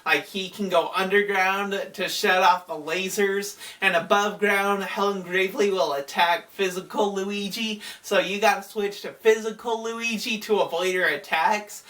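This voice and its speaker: A woman casually recapping a video game in a chatty, relaxed way, with frequent fillers. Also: medium pitch, distant mic. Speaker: gaming video host.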